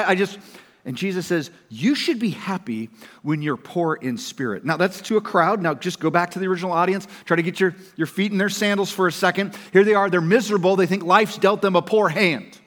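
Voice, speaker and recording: A man preaches a sermon in a casual, conversational way, his voice sitting a little high for a man. He rises to loud emphasis and then drops to near-whispered lines. A long reverb hangs around him as in a large hall. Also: brisk. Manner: conversational, swings from loud to hushed. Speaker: pastor.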